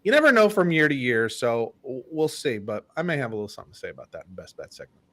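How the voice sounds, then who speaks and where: A man co-hosting a sports podcast, chatting casually and telling stories in a relaxed way that often trails off quietly. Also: medium pitch, quick pace. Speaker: podcast co-host.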